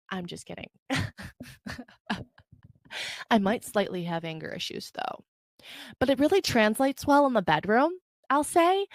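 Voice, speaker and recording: Young woman, podcast host, profane rant, animated storytelling, bright tense voice, dry close sound. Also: a little high, dry recording. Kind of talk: unfiltered solo podcast rant.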